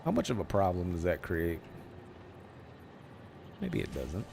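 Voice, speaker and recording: A man's voice: low voice, wildly swooping pitch, unhurried, vocal fry, a little mellow, a little hiss or hum. A man streaming a factory-building game, muttering to himself, cursing and laughing at his own mistakes. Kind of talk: casual live gameplay commentary.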